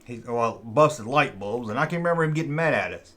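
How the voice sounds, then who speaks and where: A man's voice: mid-range voice, expressive, brisk, a bit bright. A man hosting his channel, telling a childhood story in a rambling, folksy way and often repeating himself. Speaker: channel host. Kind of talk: casual storytelling.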